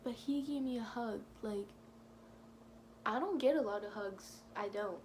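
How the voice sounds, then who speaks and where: Woman vlogger, high voice, rambling fan storytime, lots of "like". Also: measured pace, darkish tone, a little hiss or hum. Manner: gushing, rambling, heavy use of "like". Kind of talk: casual storytime vlog.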